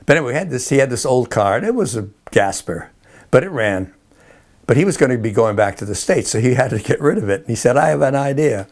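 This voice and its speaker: An older man with a medium-pitched, lively, quick voice rambles through old army tales in an oral history interview. He chuckles often and keeps starting over.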